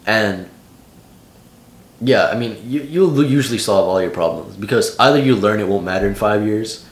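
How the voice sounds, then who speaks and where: A man's voice: lowish voice, animated, normal speed, echoey room. A young man in his late teens giving casual vlog advice in a loose, slangy way full of "like". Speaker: vlogger.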